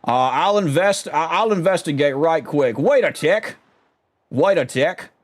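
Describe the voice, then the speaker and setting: A man voicing a gruff, salty ship's sailor in a video game, brusque and rough-spoken. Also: fairly high pitch, lively intonation, measured pace.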